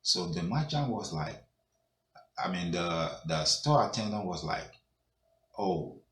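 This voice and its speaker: A male storyteller's very low voice is animated and fairly bright as he narrates a folk tale at an unhurried pace, conversational and full of fillers. The room echoes, and faint noise lingers behind him.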